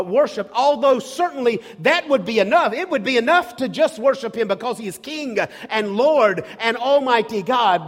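A man preaching a sermon with emphatic rhetorical questions, sometimes dropping to a hush. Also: sits high, in a large hall. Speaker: pastor.

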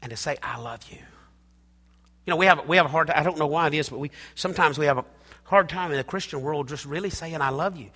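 Speaking very fast in a slightly high, pushed and bright voice, a pastor preaches in a church hall that sounds big. His sermon is emphatic and repetitive, with calls out to the congregation.

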